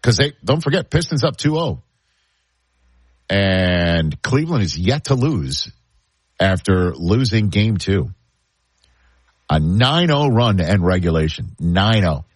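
A man's voice: lowish voice, very animated, takes it slowly, long pauses, husky, dry recording. A man with a New York accent hosting sports radio, talking casually and hammering his points home by repeating them. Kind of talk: casual sports talk debate.

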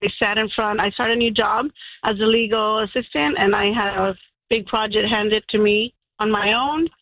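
A woman calling in to a radio show, telling her story with excitement and emotion. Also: medium pitch, moderate pace, dry recording. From Florida. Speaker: caller. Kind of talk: call-in radio testimony. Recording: tinny phone line.

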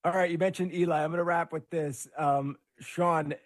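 A man hosting a sports talk show, upbeat and quick to laugh. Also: on the high side, steady tone. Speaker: host.

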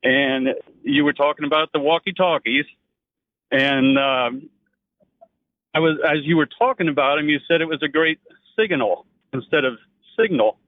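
A man's voice: fairly high pitch, normal speed, pauses often, no echo. A man from Pennsylvania calling in to a radio show, friendly and teasing. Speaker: caller. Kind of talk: call-in radio talk. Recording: tinny phone line.

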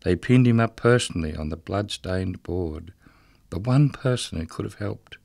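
A man's voice: sits low, expressive, normal speed, vocal fry, a little mellow, dry recording, studio quality, voice pushed down. A man reading a rhythmic dramatic monologue as the ghost of a murdered, drunken prison guard, bitter and mocking. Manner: rhythmic, incantatory delivery.

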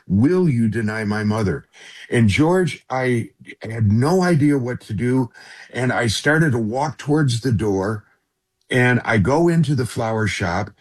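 Husky-voiced man telling a story earnestly. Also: medium pitch, animated, unhurried. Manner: earnest, keeps addressing the host by name. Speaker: radio interview guest.

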